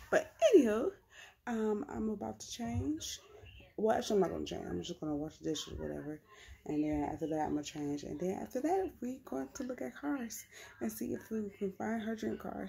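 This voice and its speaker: A young woman chatting casually to the camera in a vlog, with an animated, storytelling manner. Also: on the low side, gravelly. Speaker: vlogger.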